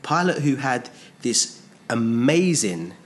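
A male preacher delivering a sermon with emphatic force, pitching his voice up to drive points home. He fires rhetorical questions at the congregation and then drops back to a calmer middle register. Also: slow, a little hiss or hum. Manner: emphatic, rising to raised pitch on key points.

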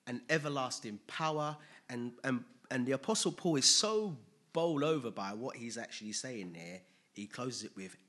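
A man preaching a sermon, emphatic and animated, asking his listeners rhetorical questions. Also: medium pitch.

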